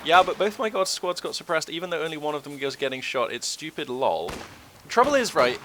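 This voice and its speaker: A man's voice: a little high, big pitch swings, fairly quick, noisy background. A man with a cold, casually commentating a strategy game in a chatty, rambling way. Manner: chatty and rambling, many fillers. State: has a cold, voice a bit low. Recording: game gunfire and artillery behind.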